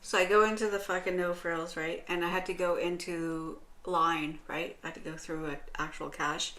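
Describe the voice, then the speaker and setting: A woman's voice: fairly low pitch, normal speed. A woman telling a long story in casual chat, swearing heavily and checking in with "right?" every few lines. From Canada. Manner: heavily profane animated storytelling, full of "right?". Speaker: co-host. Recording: echoey room.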